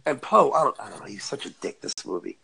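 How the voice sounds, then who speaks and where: A man's voice: on the low side, sing-song, quick pace, gravelly, bright, forceful tone, slight background noise. A man co-hosting a casual movie discussion podcast, talking in a wry, hesitant way with jokey asides. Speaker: podcast co-host.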